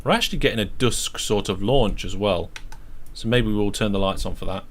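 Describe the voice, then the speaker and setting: A man's voice: on the low side, a little fast, a little hiss or hum. A British man casually commentating his own game on a live stream, chatty and talking through each step as he plays.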